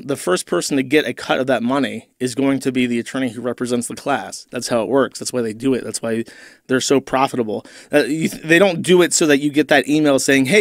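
A male show host ranting bluntly and mockingly, with frequent swearing. His voice sits at an ordinary pitch for a man, recorded close and dry with no room sound. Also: dry recording. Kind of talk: ranting online commentary.

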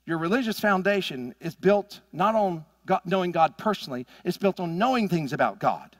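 A middle-aged pastor delivers his sermon with emphatic force, pushing his fairly high voice up into loud peaks before dropping into hushed asides. His voice sits close and dry, with almost no room sound around it. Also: animated, normal speed, no echo. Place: church sanctuary.

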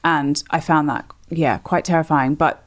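Woman, 30s, from Australia, lower voice; loose, self-mocking podcast guest. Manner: rambling, self-deprecating, quick asides. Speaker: comedian guest. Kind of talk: casual podcast chat.

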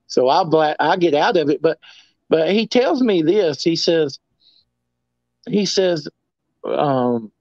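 Male guest, rambling storyteller, slightly high voice, lo-fi dry audio. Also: expressive, a little slow, creaky, darkish tone, no echo. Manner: rambling, many restarts and "I mean". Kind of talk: casual storytelling.

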